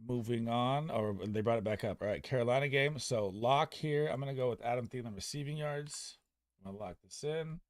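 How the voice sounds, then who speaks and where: A young man streaming fantasy football advice in a casual, excitable, profane manner. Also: mid-range voice, dry recording, studio quality. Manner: excitable, profane, talks fast and loose. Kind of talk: casual livestream chat.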